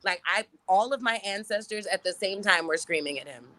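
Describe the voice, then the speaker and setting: A woman, an interview guest, telling a story in casual, profane, animated talk and laughing often. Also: mid-range voice, fairly quick, dry recording.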